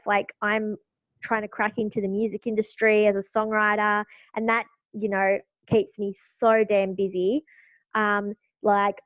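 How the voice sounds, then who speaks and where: A woman's voice: mid-range voice, no room sound, highs cut off. A young Australian woman talking frankly as a podcast guest, with many fillers. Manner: chatty, lots of fillers, frank. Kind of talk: casual political chat.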